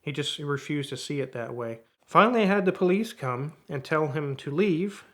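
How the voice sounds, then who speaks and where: A middle-aged man who runs a car repair shop, telling a story in an animated way and acting out both sides of the conversations. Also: fairly high pitch, normal speed. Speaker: auto repair shop owner. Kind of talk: storytelling to camera.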